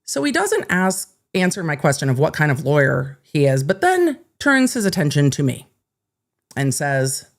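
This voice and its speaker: Woman, legal show host, casual storytelling, sarcastic, profane, lively pitch. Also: moderate pace. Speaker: lawyer and legal commentary host.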